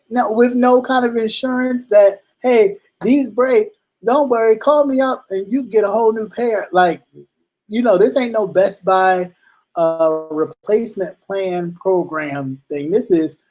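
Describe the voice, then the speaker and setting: A man hosting a talk show in casual commentary, slangy and animated, acting out little exchanges, with halting restarts. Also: on the high side. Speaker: show host.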